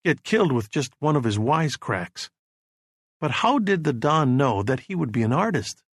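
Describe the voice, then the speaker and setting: A man narrating a novel as an audiobook in a steady, measured storytelling voice. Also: medium pitch, husky, no room sound, clean studio sound. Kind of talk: scripted narration.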